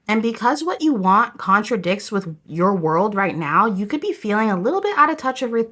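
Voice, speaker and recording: A woman with a bright, clear voice talks casually to camera through a tarot spread. Her delivery is loose and rambling, and she keeps turning to her viewers as a group. She sits close to the camera mic. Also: medium pitch, very animated, moderate pace. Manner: chatty, rambling, addresses viewers as "you guys". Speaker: tarot reader.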